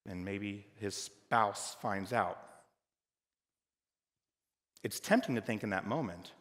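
A man preaching a sermon as pastor, dynamic, moving between loud emphatic lines and quiet, hushed ones. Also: on the low side, slow pace, long pauses. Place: church hall. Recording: church hall with long reverb.

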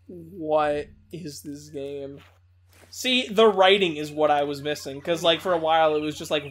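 An excitable let's-play host chatting casually over gameplay, with a pitch that leaps around as the reactions come. Faint guitar music plays behind the voice. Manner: excitable, many "like" fillers, swaps swears for "floof".

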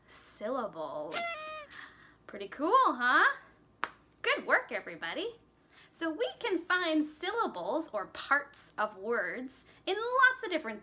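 A woman teaching young children about syllables, who encourages them, chants words and claps along. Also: high-pitched. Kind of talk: children's lesson.

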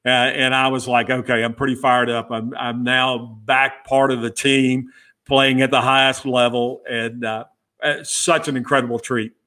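A middle-aged man with a bright, forceful voice tells a story as a podcast guest. He slips into the voices of the people he quotes and keeps the tale moving in an easy, conversational way. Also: medium pitch, moderate pace. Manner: lively storyteller who acts out quoted dialogue. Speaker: guest, former pit crew member. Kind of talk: casual storytelling interview.

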